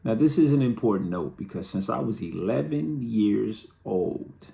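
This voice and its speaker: Gravelly low-voiced male storyteller. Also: animated, moderate pace, dark tone. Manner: candid, conversational, dryly humorous. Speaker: host. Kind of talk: personal storytelling monologue.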